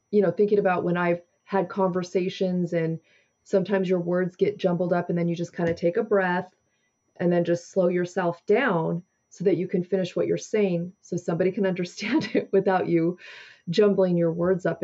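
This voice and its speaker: A woman's voice: fairly low pitch, little pitch movement, normal speed, warm tone. A woman hosting a podcast interview who talks in a chatty, loosely phrased way with fillers. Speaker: podcast host. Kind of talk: casual interview chat. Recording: muffled lo-fi remote audio.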